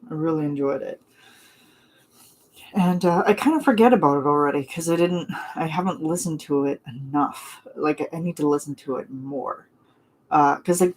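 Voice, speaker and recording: A non-binary young adult streamer talks casually with viewers in a mid-range voice. They gush, ramble and fill gaps with little laughs and "um"s. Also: mid-range voice. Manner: gushing, chatty, rambling with fillers and laughs. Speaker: vlogger chatting with viewers. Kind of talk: casual live chat.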